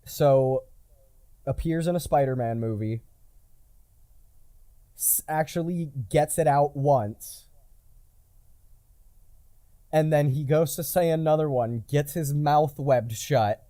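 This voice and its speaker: A man in relaxed podcast chat who sets up jokes and swears casually. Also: on the high side, takes it slowly, long pauses, no room sound, studio quality.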